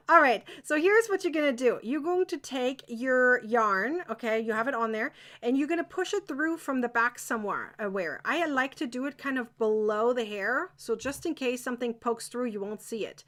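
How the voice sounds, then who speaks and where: A woman's voice: on the high side, lively intonation, normal speed, few pauses, fairly bright tone. A woman teaching a live crochet-along, chatty and encouraging, often checking that viewers are following.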